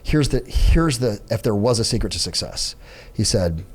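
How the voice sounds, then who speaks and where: A man with a fairly low voice tells a story in a relaxed podcast chat. He is animated and jumps into the voices of the people he quotes. He talks as a sales trainer who is a guest on the show. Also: moderate pace, slightly rough. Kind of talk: casual storytelling. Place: podcast studio.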